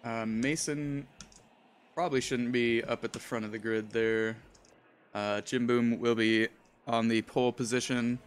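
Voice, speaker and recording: A man's voice: medium pitch, fairly even intonation, a little slow, clean tone. A man commentating a live sim racing stream, joking around, laughing often and stumbling over names. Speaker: race commentator.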